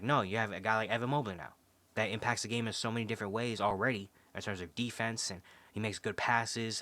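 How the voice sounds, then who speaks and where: A young man talks fast and eagerly through basketball footage, his sentences tumbling over each other with restarts. His voice sits fairly low but sounds bright and forward. The recording is dry and close, with almost no room sound. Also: dry recording. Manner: enthusiastic, rambling with restarts. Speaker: basketball vlogger. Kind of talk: casual film breakdown.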